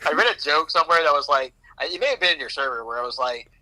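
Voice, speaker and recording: A man's voice: on the high side, rapid-fire, bright, forceful tone, poor audio. A man chatting casually as a co-host on a live stream, often stumbling and repeating words as he starts.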